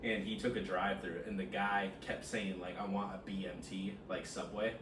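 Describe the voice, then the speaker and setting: A man who manages a sandwich shop, telling stories in an animated, swearing way, saying bro a lot. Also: sits low, moderate pace. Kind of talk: casual podcast chat, storytelling. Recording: roomy, far from the mic, noisy.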